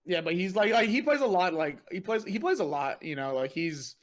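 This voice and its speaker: A man's voice: sits high, very animated, a little fast. A man hosting a casual podcast, telling stories in a rambling way with lots of "like" and "you know". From United States. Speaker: podcast host and streamer.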